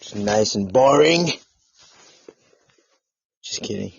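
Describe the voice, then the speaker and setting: A man's voice: fairly low pitch, moderate pace, warm tone, no room sound. A man hosting a casual video chat, playful and teasing his guest, heard over a video call. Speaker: host. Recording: muffled lo-fi audio.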